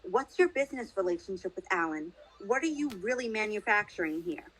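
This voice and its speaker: A woman's voice: mid-range voice, expressive, fairly quick, fairly bright tone, poor audio. Woman reading a determined young woman sleuth. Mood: earnest.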